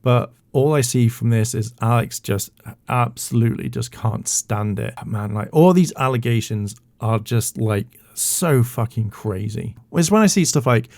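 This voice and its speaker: A man's voice: mid-range voice, measured pace, gravelly, darkish tone, dry recording, clean studio sound. A man giving heated YouTube reaction commentary, blunt, profane and indignant.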